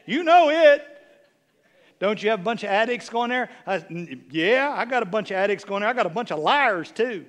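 A man's voice: high voice, brisk, hardly any pauses, fairly bright tone. A middle-aged man preaching a sermon as a bishop, snarky and conversational, teasing his listeners.

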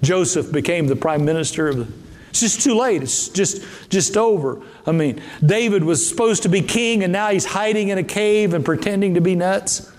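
Animated high-voiced male preacher in a hall. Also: moderate pace. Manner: emphatic, repetitive preaching with sudden pitch jumps. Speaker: bishop preaching. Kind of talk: sermon.

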